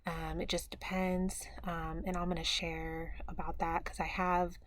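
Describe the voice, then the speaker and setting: A young woman talking quietly in a personal video diary, feeling low and tired, hesitant and pausing with many fillers. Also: little pitch movement. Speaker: vlogger.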